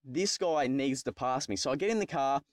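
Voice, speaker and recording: A young Australian YouTuber recounts his driving test in a casual storytelling vlog, rambling, swearing and poking fun at himself. His voice is medium-pitched with lively intonation at a normal speed, recorded dry.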